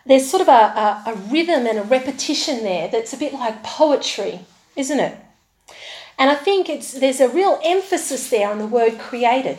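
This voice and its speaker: Woman, sermon, slow measured pace, rhetorical questions, echoey room. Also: sits high. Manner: slow, warm conversational preaching with tag questions. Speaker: preacher. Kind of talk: sermon with scripture reading.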